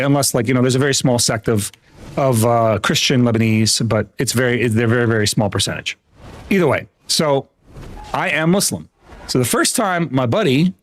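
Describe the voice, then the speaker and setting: Animated, rambling, foul-mouthed American man. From United States. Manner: rambling, profane storyteller with lots of restarts; animated, often jumps up in pitch. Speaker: livestreamer. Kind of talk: casual live-stream chat while gaming.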